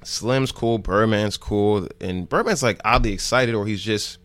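Laid-back low-voiced man telling stories. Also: unhurried, a bit bright, no echo. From New Jersey. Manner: laid-back, rambling, heavy on "like", swears freely. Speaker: podcast guest, news show host. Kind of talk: casual storytelling.

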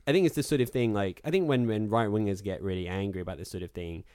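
A man's voice: lowish voice, fast, darkish tone, no echo, clean studio sound. A man co-hosting a podcast, talking through films in a rambling, wry way with lots of fillers. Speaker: podcast co-host. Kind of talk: casual film discussion.

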